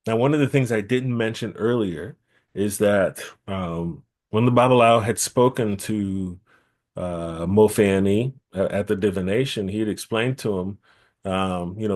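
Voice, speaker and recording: Low-voiced male storyteller, repeating for emphasis. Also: moderate pace. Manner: lively, repeats key phrases for emphasis. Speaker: storyteller at a temple gathering. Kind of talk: oral storytelling.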